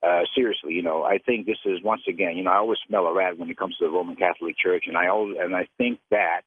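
A man's voice: low voice, steady tone, fast talker, slight background noise. A man calling in to a radio show, rambling and combative, full of fillers. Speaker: caller. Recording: tinny phone line on radio.

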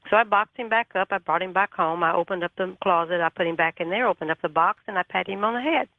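Animated woman storyteller on a phone line. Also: on the low side, fast talker, dry recording. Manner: folksy, animated retelling with nonstandard grammar. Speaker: radio show guest. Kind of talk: storytelling on a call-in interview. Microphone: telephone.

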